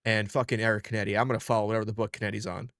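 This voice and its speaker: A man's voice: on the low side, level tone, racing, a bit bright, no echo, studio quality. A man co-hosting a comics podcast, rambling in a laid-back way and swearing freely. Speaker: podcast co-host. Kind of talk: casual comics podcast chat.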